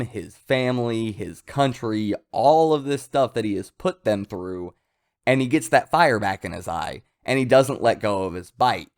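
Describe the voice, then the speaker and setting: A man giving casual, excitable commentary as a comics reviewer. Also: mid-range voice. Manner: excitable, animated, hyped. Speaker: manga reviewer.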